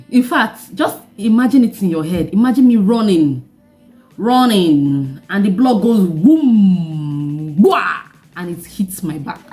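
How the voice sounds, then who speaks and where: Mellow-voiced Nigerian woman telling a story. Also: fairly low pitch. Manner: animated storytelling with laughing asides. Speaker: vlogger. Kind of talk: storytime vlog.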